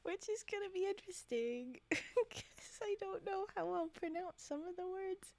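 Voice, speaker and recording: A woman's voice: very high voice, lively intonation, a little slow, darkish tone, no room sound. A woman streamer chatting casually with her viewers, giggly and chatty. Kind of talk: casual livestream chat.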